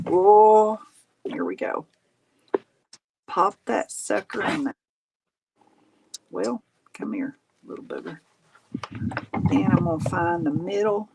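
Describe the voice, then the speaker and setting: Slow-talking Southern woman chatting. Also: on the low side, background noise. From Tennessee, USA. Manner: chatty, folksy exclamations. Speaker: craft livestream host. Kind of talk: casual chat while crafting.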